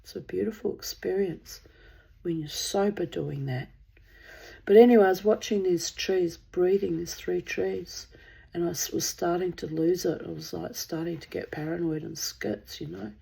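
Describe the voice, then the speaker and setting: A woman's voice: on the low side, fairly even intonation, moderate pace, gravelly, dark tone, husky. A woman telling a personal story in a candid, rambling way, swearing freely. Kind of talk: casual spoken storytelling.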